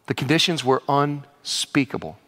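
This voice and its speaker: A man preaching a sermon, animated, swinging from loud exclamations down to hushed low passages. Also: normal speed, big-room sound. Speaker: pastor.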